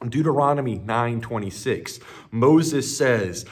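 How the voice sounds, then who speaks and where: A man's voice: mid-range voice, big pitch swings, slow, husky. A male pastor preaching a sermon with emphatic delivery, building up as he quotes scripture.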